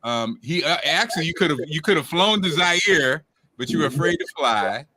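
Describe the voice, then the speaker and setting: Bright-voiced hesitant male host. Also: on the high side, animated, moderate pace, no echo, poor audio. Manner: hesitant, lots of restarts and fillers. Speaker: podcast host.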